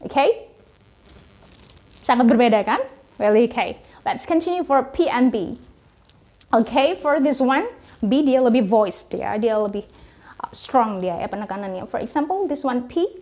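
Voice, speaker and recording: A woman's voice: a little high, a little mellow. A young woman with an Indonesian accent teaching English pronunciation in an online lesson, drawing out and repeating example words. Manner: slow, drawn-out example words, repeated for practice.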